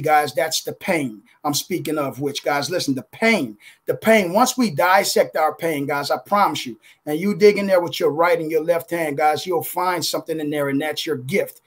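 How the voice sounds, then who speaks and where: High-voiced preacherly man. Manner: preacherly, repeats "guys" and "listen". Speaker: contributing author. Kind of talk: motivational testimony. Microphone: video call.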